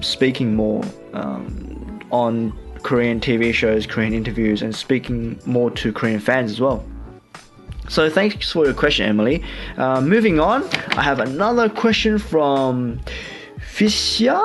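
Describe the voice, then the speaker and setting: A young man from Australia with an Australian accent, hosting a radio show in a chatty, relaxed way with many fillers. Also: mid-range voice. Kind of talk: casual radio chat.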